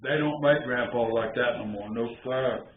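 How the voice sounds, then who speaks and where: An older man in his sixties tells rambling, folksy stories in a relaxed, casual way. His voice sounds tinny and narrow, as if it came down a phone line, and it echoes in a roomy space with a faint hiss behind it. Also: medium pitch, normal speed. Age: 60s. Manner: folksy, rambling, with many restarts. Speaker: cooking channel host. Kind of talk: casual storytelling.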